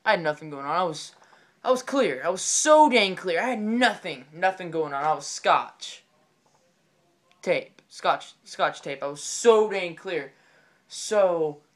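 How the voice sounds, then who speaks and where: A man telling a comedic story in an excitable, rambling way, often repeating his phrases. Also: sits high.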